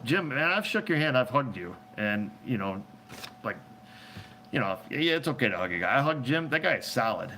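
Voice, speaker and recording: A man's voice: mid-range voice, sharp tone, a little hiss or hum. A man hosting a casual live chat, answering viewer questions in a rambling, joking way and laughing often, recorded on a phone.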